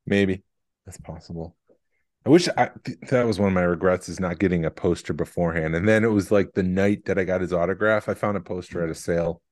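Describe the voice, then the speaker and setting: A man co-hosting a casual chat, making dry, deadpan jokes. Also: deep voice, fairly quick, no room sound. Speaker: podcast co-host.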